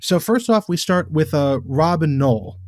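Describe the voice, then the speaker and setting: Guy cohosting a podcast, kinda high voice, ranty and animated, dead dry mic. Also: a little slow, no echo. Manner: animated, exasperated rants. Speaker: podcast co-host. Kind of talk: casual podcast chat.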